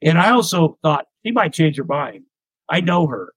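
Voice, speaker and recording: A man's voice: fairly high pitch, very animated, normal speed, fairly bright tone, breathy edge, no room sound, low-quality recording. A middle-aged man from the United States, a comedian telling candid stories as an interview guest, rambling and self-deprecating. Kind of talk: candid anecdotal storytelling.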